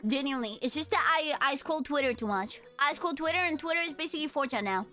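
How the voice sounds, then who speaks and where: A woman's voice: high-pitched, expressive, fast talker, bright, forceful tone, soft background music. A young woman with a Romanian accent chatting casually and jokily with her stream viewers, full of slang.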